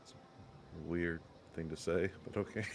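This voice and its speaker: A man's voice: sits low, fairly even intonation, a little slow, creaky, a little hiss or hum. A man chatting dryly and wryly while playing a co-op strategy game. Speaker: co-op game player. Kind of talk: casual chat while gaming.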